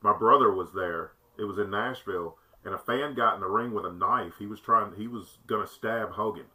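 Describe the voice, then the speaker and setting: Bright-toned man telling an anecdote. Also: lowish voice, a little fast. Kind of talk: casual chat.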